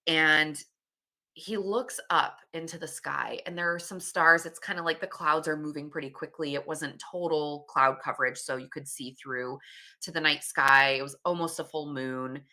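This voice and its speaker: A woman's voice: sits low, steady tone, normal speed, sharp tone. A woman in her late thirties, a podcast host, casually telling a candid story with laughs and swearing. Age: 30s.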